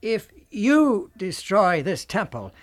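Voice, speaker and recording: A man's voice: sits high, sing-song, takes it slowly, voice pushed up, full character voice. A man voicing a timid male witness who speaks hesitantly and deferentially to a court in an old-time radio drama.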